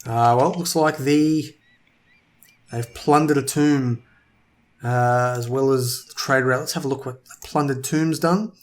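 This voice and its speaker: A man's voice: medium pitch, steady tone, a little slow. A man giving casual gameplay commentary, thinking aloud and sometimes tripping over his words. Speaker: let's play gamer.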